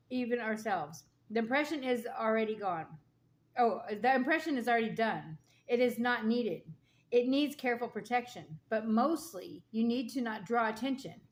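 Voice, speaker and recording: Woman giving a spiritual oracle card reading. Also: a little high. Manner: reads card text, then adds casual asides with frequent "okay?" and "all right?"; earnest and encouraging, speaking straight to the listener.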